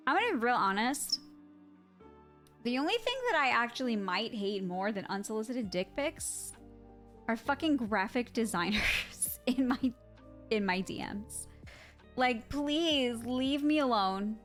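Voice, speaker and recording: A woman streaming from home, chatting casually with her chat in a slightly high voice. She is blunt and swears freely, often laughing mid-story. Faint music plays softly behind her desk mic. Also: lively intonation, a little slow. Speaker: live streamer.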